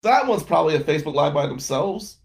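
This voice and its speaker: Gravelly guy rambling wry stories, lots of laughing asides, voice jumps all over. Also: fairly high pitch, animated, quick pace. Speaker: podcast guest telling stories. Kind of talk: casual storytelling.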